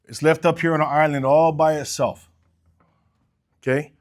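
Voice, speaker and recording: A middle-aged man coaching a group on sales, acting out customer talks in a blunt, animated way and swearing casually. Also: a little high, normal speed. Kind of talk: sales training talk with role-play.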